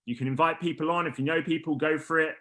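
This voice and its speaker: Upbeat guy running a team call, slightly high voice, kinda hoarse, pumps everyone up. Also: quick pace. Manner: energetic, rallying, restarts often. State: losing his voice. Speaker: team leader hosting a business call. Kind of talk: casual motivational team call.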